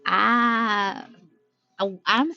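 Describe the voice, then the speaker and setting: A woman's voice: medium pitch, steady tone, extremely slow, gravelly, soft background music. Chatty woman podcast host, lo-fi sound. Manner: chatty and gushing, talks straight to listeners. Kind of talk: casual solo podcast chat.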